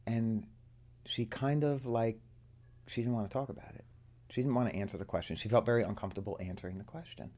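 A man's voice: medium pitch, fast, a little mellow. Earnest man telling a personal story. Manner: earnest storyteller who animates quoted dialogue. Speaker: coaching student. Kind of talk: personal story told to a group.

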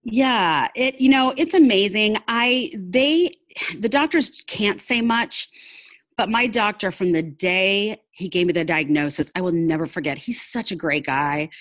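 A woman's voice: medium pitch, unhurried, fairly bright tone, no echo. A woman talking openly and earnestly as an interview guest, often laughing as she tells her story. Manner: open and heartfelt. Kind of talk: candid personal interview.

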